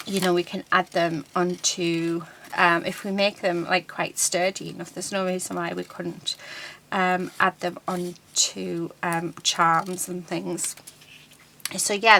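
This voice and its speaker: A woman's voice: on the low side, pushed and bright, slight background noise, poor audio. Chatty woman crafting at home. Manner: chatty, rambling, many ums. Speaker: crafting channel host. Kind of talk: casual crafting chat while working.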